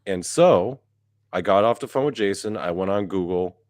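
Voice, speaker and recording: A young man telling a story in casual chat with a friend, animated and swearing freely. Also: low voice, moderate pace, no room sound. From Baltimore–Washington area, US. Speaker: podcast co-host.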